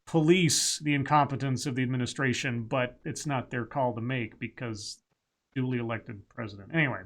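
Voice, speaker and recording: A man's voice: mid-range voice, moderate pace. A man co-hosting a casual talk show, reading news stories aloud and adding wry asides. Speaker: podcast co-host reading news.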